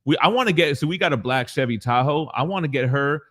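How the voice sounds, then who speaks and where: A man's voice: fairly high pitch, expressive, quick pace, a bit bright. A man in his forties co-hosting a casual live show from his home basement, talking in slang and swearing freely as he reads chat messages. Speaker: co-host of a collectibles morning show.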